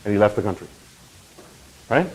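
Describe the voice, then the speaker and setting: A man hosting a crypto channel, talking in a casual, animated explainer style and often checking in with "right?" and "okay?". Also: on the low side, moderate pace, slightly rough, poor audio. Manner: animated, swings into loud mock voices and profanity; conversational with frequent "right?" and "okay?".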